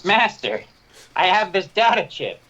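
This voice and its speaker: A man's voice: high-pitched, very animated, measured pace, sharp tone, voice pushed up, exaggerated voice. A man voicing an old, repurposed male nanny battle droid that speaks in a formal, servile way. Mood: earnest. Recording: dull lo-fi voice chat.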